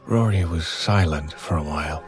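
A man narrating a horror story in a measured, somber way from a script. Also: very deep voice, music in the background.

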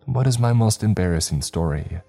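A man voicing a frightened young woman, speaking in a hushed, urgent and shaky way. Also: on the low side, expressive, fairly quick, gravelly, faint music behind, voice pushed up. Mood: tense hushed.

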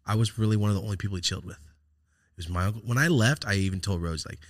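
A man with a somewhat low voice hosts a podcast and talks through a personal story in a loose, reflective way. He swears freely and trails off into fillers and restarts as he goes. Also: quick pace. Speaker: podcast host. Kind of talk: casual storytelling chat.

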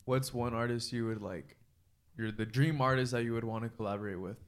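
A man's voice: mid-range voice, brisk. A young man co-hosting a casual chat, slangy, laughing and a bit sheepish.

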